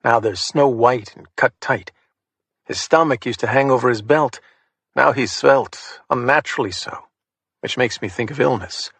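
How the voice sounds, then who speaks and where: A man narrating a crime thriller audiobook in the first person, steady and matter-of-fact. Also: medium pitch, moderate pace, husky, no room sound.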